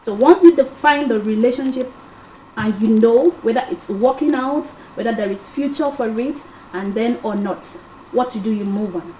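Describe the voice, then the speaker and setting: A woman's voice: fairly high pitch, moderate pace, mellow, echoey room, a little hiss or hum, rough recording. A woman on a talk show panel explaining her view point by point and repeating key phrases. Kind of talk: casual panel discussion.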